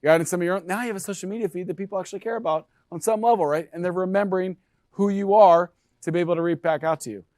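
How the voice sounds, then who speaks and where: Male presenter, lively sales talk to agents, slightly high pitch, dry recording. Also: very fast, no room sound. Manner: energetic, talks to the room with frequent "right?". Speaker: brokerage presenter.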